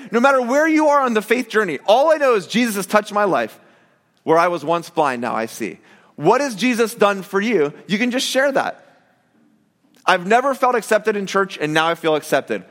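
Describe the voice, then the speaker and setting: High-voiced animated man preaching in a hall. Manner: conversational, animated preaching with many fillers and restarts. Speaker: pastor. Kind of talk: sermon. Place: church hall.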